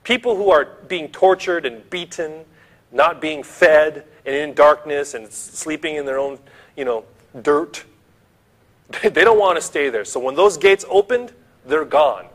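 Guy preaching slow, a little higher voice, tells the story vividly right to his listeners. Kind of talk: sermon.

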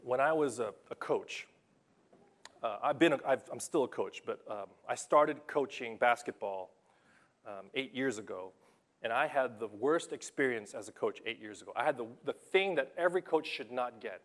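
A young adult man preaching a sermon in a conversational, animated way, telling stories from his coaching and acting out what people say. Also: medium pitch, normal speed. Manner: conversational, animated storytelling with acted-out quotes. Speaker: pastor and basketball coach.

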